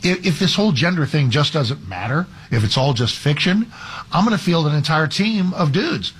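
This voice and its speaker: A man's voice: fairly high pitch, expressive, moderate pace, a bit bright, slightly rough. A man hosting a talk radio show as a fill-in, talking in a conversational, argumentative way with frequent restarts. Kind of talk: conservative talk radio commentary.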